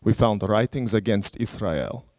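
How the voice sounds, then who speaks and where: A man's voice: fairly low pitch, measured pace, a little mellow, dry recording, close to an everyday voice. A man voicing a big, stern male airport security guard with a mock Russian-sounding accent, curt and interrogating, in live comedic storytelling.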